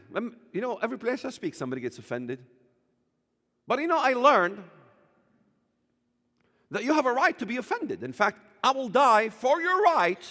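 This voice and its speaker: Fiery and emphatic, a guest preacher in a church rises to shouts, his tone bright and cutting and his combative delivery relentless. The high pitch lurches wildly between lines, while the hall's long reverb hangs after each word.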